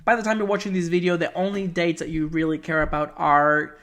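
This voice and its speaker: A tutorial presenter giving a casual walkthrough of a website. They talk in a chatty way, throw in jokey asides and some swearing, and switch between quick bursts and slow, stressed words. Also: medium pitch, flat delivery, fairly bright tone.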